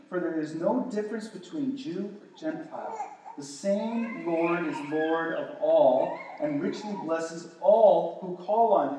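A man teaching the Bible to a small group, excited and often restarting his words. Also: high voice, a little hiss or hum. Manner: enthusiastic, stumbling restarts. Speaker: preacher. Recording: echoey distant room recording.

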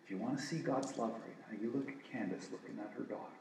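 A man's voice: medium pitch, fast talker, creaky, a little mellow, slight background noise. A middle-aged man preaching a sermon in an earnest, conversational way with casual asides to the room. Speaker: pastor. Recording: roomy echo, mic at a distance.

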